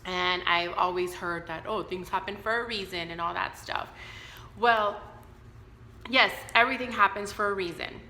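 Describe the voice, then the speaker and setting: A woman's voice: fairly low pitch, moderate pace, bright, forceful tone, roomy sound, slight background noise. A woman around thirty talking frankly to her viewers in an unscripted personal vlog, with plenty of fillers and asides. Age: 30s. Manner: candid, talks straight to viewers with many fillers. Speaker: vlogger.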